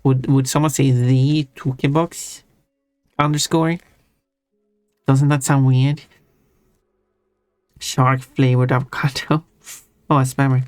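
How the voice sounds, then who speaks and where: A man's voice: mid-range voice, flat delivery, slow, pauses often, dry recording. A man chats casually on a live stream and answers his viewers. He rambles and often restarts his words. His voice sounds close and dry, with faint chill music playing under it. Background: soft chill music.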